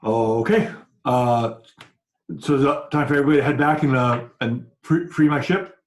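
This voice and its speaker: A man narrating a tabletop game as game master, halting with many fillers. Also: mid-range voice. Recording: roomy echo.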